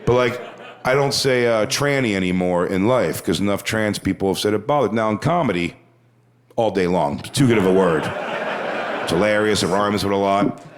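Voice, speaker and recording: A man's voice: on the low side, normal speed. A man telling a crude story as a stand-up comedian, chatty and acting out what people said. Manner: crude, conversational, acts out quotes.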